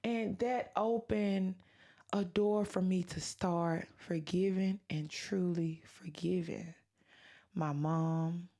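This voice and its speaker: Gravelly-voiced woman sharing a faith testimony. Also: lowish voice, fairly even intonation, slow pace, mellow. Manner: earnest and emotional, acting out her own past words. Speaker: podcast host.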